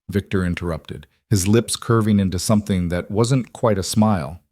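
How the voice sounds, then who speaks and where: A man with a low voice narrates a story in an even, measured manner. The recording is dry and close, with no room echo. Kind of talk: scripted audiobook narration.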